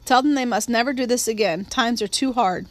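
A woman reading the story gives voice to a weary, soft-spoken father. He stays quiet and restrained and speaks without hurry. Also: a little high, a little fast, dry recording, natural voice. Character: weary grown father, gentle and tired.

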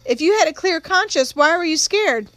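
A woman's voice: extremely high pitch, expressive, normal speed, fairly bright tone, no room sound, voice pushed up. A scornful middle-aged prosecutor, as a woman reads him cross-examines a witness. His questions come pointed, hostile and full of contempt.

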